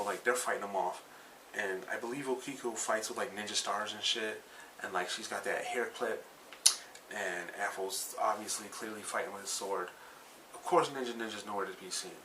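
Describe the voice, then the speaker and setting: A man's voice: fairly low pitch, bright, forceful tone. A man recapping anime episodes in a casual, rambling way, swearing freely and correcting himself as he goes. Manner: rambling and profane, with many fillers and self-corrections. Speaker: anime reviewer. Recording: slightly distant mic with faint background noise.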